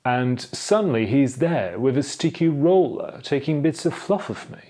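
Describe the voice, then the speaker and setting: Man doing a posh film star, rambling, self-deprecating, mid-pitched. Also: lively intonation, moderate pace, dark tone, lightly acted. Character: impression of a famous English film actor.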